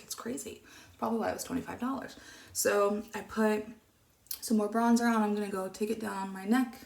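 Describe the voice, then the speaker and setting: A woman chatting casually through a makeup tutorial, rambling and dropping into soft muttered asides. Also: mid-range voice, creaky. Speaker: beauty vlogger. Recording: echoey room.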